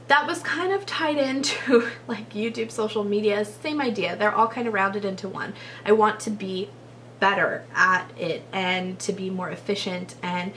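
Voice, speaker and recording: A woman's voice: mid-range voice, fairly bright tone, slight background noise. A woman YouTuber from Texas talking casually to her viewers in a chatty, gushing way, with frequent laughs and long run-on sentences. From Texas, USA. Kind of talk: casual vlog talk to viewers.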